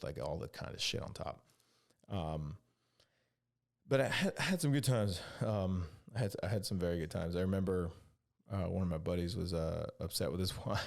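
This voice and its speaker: A gravelly, deep-voiced man from California hosts a podcast, spinning casual, profanity-laced Army stories on his own. The veteran rambles as he goes and plays out the other characters' lines in animated dialogue.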